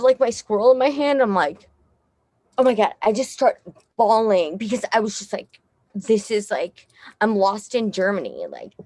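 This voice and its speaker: A woman's voice: medium pitch, dark tone, no echo. A young woman from Texas, a musician guest telling a story casually, rambling with lots of fillers, swearing and laughing often.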